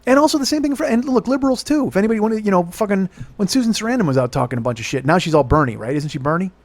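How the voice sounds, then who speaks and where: A middle-aged man hosts a comedy podcast and rants loudly, swearing constantly and cracking himself up along the way. His voice sits a touch high for a man. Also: animated, racing, no echo. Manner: loud, heavily profane, laughs through his own jokes. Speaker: podcast host. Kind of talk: profane comedic rant.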